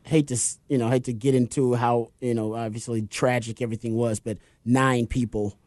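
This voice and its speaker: A man co-hosts a casual sports talk show and tells things in a loose, conversational way. He often stumbles and restarts his sentences. His mid-pitched voice is recorded dry and close. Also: steady tone, brisk, a little mellow, no echo. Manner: conversational storyteller, hesitant restarts. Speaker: co-host.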